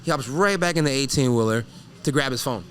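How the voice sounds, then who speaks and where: A man who is a professional fighter, guesting on an interview show and telling animated, profane stories that act out each scene. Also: medium pitch, fast talker. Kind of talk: casual storytelling interview.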